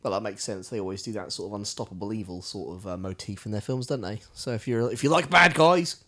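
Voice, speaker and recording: A man's voice: on the low side, fast, a bit bright. A man in casual chat, teasing dryly, cracking jokes and swearing now and then. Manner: dry teasing, wisecracking, swears.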